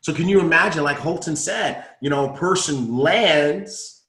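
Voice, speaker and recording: A man's voice: a little high, unhurried, a bit bright. A man co-founding a company, giving an upbeat business recap and speaking straight to his audience with enthusiasm. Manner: enthusiastic, persuasive, addresses audience directly. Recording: roomy echo.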